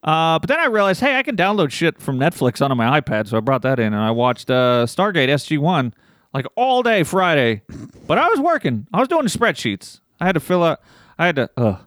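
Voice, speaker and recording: A man co-hosting a podcast in casual chat, animated, swearing freely and laughing often. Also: on the high side, brisk, no room sound, studio quality. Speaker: podcast co-host.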